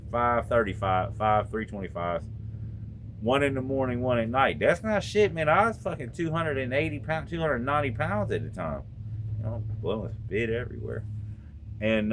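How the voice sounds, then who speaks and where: A man's voice: medium pitch, slight background noise. A middle-aged man from North Carolina telling a story from his own life in a casual vlog monologue, raw and profane, talking straight to his viewers. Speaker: storytelling vlogger. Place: home out in the country.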